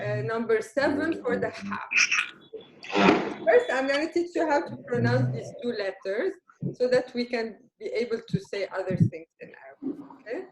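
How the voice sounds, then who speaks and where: A woman from Lebanon, teaching a beginner Arabic lesson and checking in patiently with her learners. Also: on the high side. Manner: patient and encouraging, checks in with "okay?" constantly. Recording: roomy room with faint noise.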